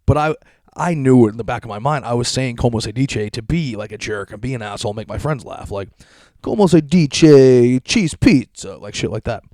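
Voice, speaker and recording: A man's voice: medium pitch, fast talker, darkish tone, no room sound, studio quality. A young adult man hosting a solo podcast, ranting in a profane, sarcastic, mocking way with frequent laughter. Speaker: podcast host.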